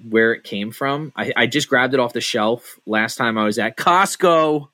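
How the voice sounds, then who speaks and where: Rambling, mid-pitched podcast co-host. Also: male voice, normal speed, bright, forceful tone, no echo. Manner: rambling, restarts often, swears casually. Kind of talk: casual podcast chat. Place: his home.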